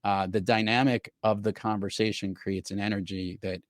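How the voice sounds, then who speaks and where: A man's voice: lowish voice, fairly even intonation, moderate pace, dry recording. Middle-aged male podcast host, storytelling chat, dry close mic. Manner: chatty, storytelling. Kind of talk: casual chat.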